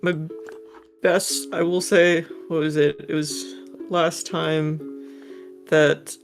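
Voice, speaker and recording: Very slow, halting woman player. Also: sits low, flat delivery, faint music behind. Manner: halting, searching for words. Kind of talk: casual chat.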